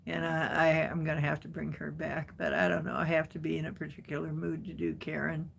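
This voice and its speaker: A woman hosting a casual live stream, chatting with viewers and answering their comments in an unhurried way with frequent laughs. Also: low voice, flat delivery, creaky, a little hiss or hum.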